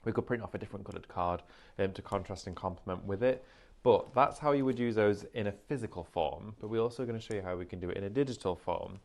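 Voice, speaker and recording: A man's voice: on the low side, fast talker, vocal fry, darkish tone. A man presenting a live craft demonstration, explaining each step in a chatty way. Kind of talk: live shopping craft demo.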